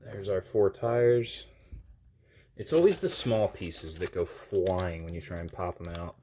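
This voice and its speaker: Man, very low voice, casual unboxing chat, thinks aloud, self-deprecating, indoors at a desk. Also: unhurried, warm tone, a little hiss or hum. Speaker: diecast collector channel host.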